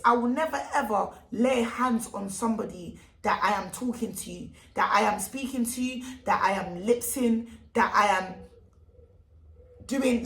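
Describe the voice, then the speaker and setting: A young woman telling a storytime vlog, animated and emphatic, full of street slang. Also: on the high side, gravelly. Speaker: vlogger. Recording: echoey room.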